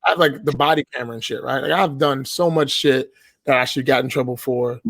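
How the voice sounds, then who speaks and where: A man's voice: medium pitch, brisk, vocal fry, a bit bright, no echo. A man, telling stories in an emphatic, profane way on a casual podcast. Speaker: podcast guest.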